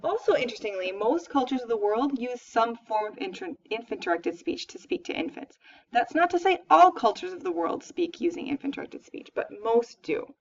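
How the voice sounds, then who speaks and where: A woman's voice: fairly high pitch, big pitch swings, moderate pace. Female professor, conversational lecture, picked up from afar on a muffled recording. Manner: explanatory, conversational, with fillers. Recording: dull, distant lecture recording.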